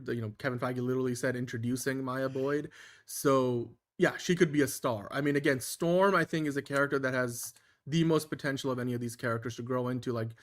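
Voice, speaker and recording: A man's voice: medium pitch, fairly bright tone. A man co-hosting a pop-culture podcast, chatting loosely and casually with lots of filler. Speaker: podcast co-host. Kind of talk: casual chat.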